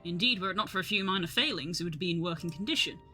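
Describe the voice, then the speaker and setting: A woman's voice: lowish voice, very fast, bright, forceful tone, faint music behind. A woman voicing a verbose male scholar who talks in old-fashioned Shakespearean phrasing, reading game lines aloud. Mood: solemn.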